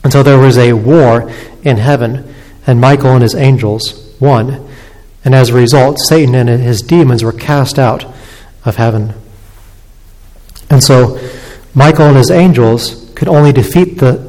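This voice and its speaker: A man preaching a sermon in an earnest, steady voice at a middling pitch, sometimes restarting his words. His voice rings out with a long reverb, as in a church hall. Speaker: pastor.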